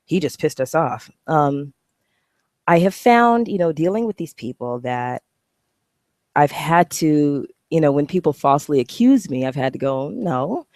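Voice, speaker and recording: A woman's voice: deep voice, animated, a little slow, darkish tone, no echo, studio quality. A woman vlogging to camera, talking bluntly and animatedly, swearing freely. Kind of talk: casual talking-head vlog.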